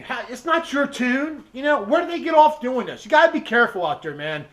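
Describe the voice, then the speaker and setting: A man's voice: extremely high pitch, big pitch swings, brisk, a bit bright. A man hosting his car channel, talking casually and heatedly to viewers, giving blunt advice and often tagging his points with "okay?". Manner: gives blunt advice in a preachy tone. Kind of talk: casual vlog talk to viewers.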